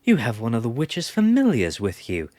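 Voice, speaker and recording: Storybook character: a man doing a heated, insistent young woman, high and animated. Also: normal speed, no room sound. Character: fierce, indignant young woman.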